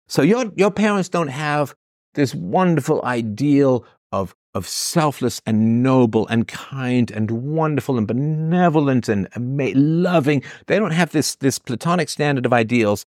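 A man's voice: mid-range voice, no echo, clean studio sound. A man hosting an advice show, answering a listener's letter in a blunt, sarcastic, profane monologue.

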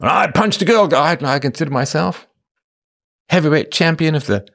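A man's voice: a little high, lively intonation, moderate pace, vocal fry, a bit bright, pitched above the performer's own voice. A man doing an impression of a boastful male debater who talks tough.

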